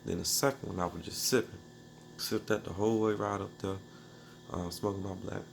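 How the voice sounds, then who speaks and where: A man tells a story in a loose, rambling way, piling up slang and restarting his sentences. His voice sits low and has a gravelly, creaky edge. A faint hiss runs under it. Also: fairly even intonation, fairly quick. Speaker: beatmaker telling a personal story. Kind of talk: casual storytelling.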